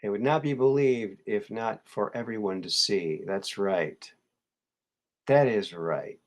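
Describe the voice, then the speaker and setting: A man's voice: on the low side, takes it slowly. A man hosting a casual live show, musing and rambling with many fillers and restarts as he greets viewers. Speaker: show host.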